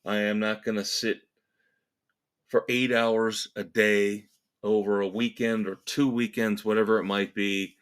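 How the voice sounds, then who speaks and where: A man hosts a solo rock podcast and rants about the networks. He speaks slowly and lets the words drag. His tone is sarcastic and exasperated, and he leans hard on every point. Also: lowish voice, flat delivery, clean tone. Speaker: podcast host. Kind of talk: opinionated solo rant.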